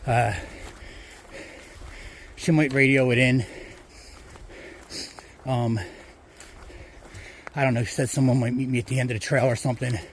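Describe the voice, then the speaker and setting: A man's voice: mid-range voice, little pitch movement, unhurried, pauses often. Guy talking to his camera on a hiking trail, rambly, lots of ums, a bit of noise behind. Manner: rambling, chatty, many fillers. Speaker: hiker vlogger. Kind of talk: casual trail vlog.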